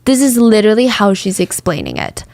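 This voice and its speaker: A young woman hosting a true crime podcast, telling the story casually with lively asides and acted-out quotes. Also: mid-range voice, brisk, no room sound.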